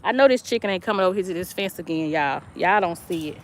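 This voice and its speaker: Out in her yard, a middle-aged vlog host talks casually on a live stream, laughing as she reads viewers' comments aloud. Her lowish voice comes fast and animated, with a little hiss or hum in the audio.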